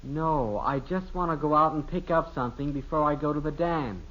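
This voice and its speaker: A young actor playing a casual, deadpan teenage boy in 1950s radio sitcom acting, on a dull old radio recording. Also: fairly high pitch, moderate pace, close to an everyday voice. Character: easygoing teenage boy, plain and cheeky.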